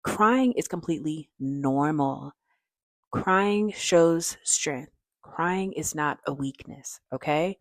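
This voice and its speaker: A woman's voice: deep voice, lively intonation, slow pace, no room sound, clean studio sound. A woman therapist giving direct, emphatic advice to camera, often checking in with "okay?". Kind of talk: casual advice talk to camera.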